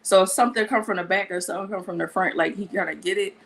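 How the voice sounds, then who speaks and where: A woman telling a story on a podcast in a casual, animated, profane way. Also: mid-range voice, racing. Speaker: podcast guest.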